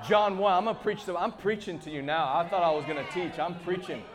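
Guy preaching a fired-up sermon, kinda high voice, goes loud then quiet. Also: fast, few pauses, a faint crowd, a little hiss or hum. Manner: impassioned, shifts between shouting and hushed asides.

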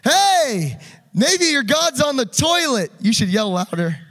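A man voicing a mocking prophet who taunts his rivals loudly, inside a sermon. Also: very high-pitched, sing-song, slow, big-room sound, voice pushed up, full character voice. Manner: loud, taunting.

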